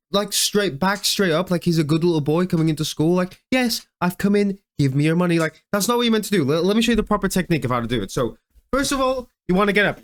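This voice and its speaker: A young man doing comedic reaction commentary, mocking and laughing often, with stammers and restarts. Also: high-pitched. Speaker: video commentator.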